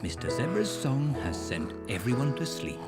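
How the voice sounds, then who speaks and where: A woman narrating a children's cartoon in a clear, lively storybook manner. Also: rumbling low, moderate pace, over loud music.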